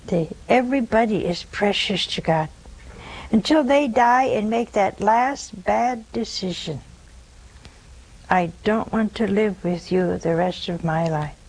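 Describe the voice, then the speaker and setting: Slow-spoken older woman preaching. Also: mid-range voice, a little mellow, husky, low-quality recording. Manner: earnest, repeats phrases for emphasis. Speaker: host of a religious call-in show. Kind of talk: preaching to callers.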